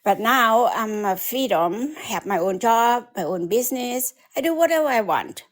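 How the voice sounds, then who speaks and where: A woman with a fairly high voice joins the chat as a caller. She speaks halting, non-native English and laughs easily between her thoughts. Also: expressive. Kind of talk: casual chat.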